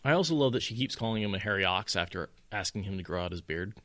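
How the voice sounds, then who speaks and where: A man's voice: on the low side, animated, quick pace, a bit bright, dry recording. A man co-hosting a podcast, talking through a fantasy novel in casual chat and mocking the characters in put-on voices. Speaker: podcast co-host. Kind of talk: casual book discussion.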